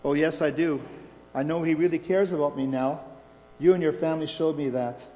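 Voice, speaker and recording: A man's voice: fairly high pitch, steady tone, fairly quick, warm tone, natural voice. A man reading the lines of a lonely, bitter old woman in a rest home, speaking bluntly. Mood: gentle. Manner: blunt, plainspoken complaints. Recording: reverberant hall.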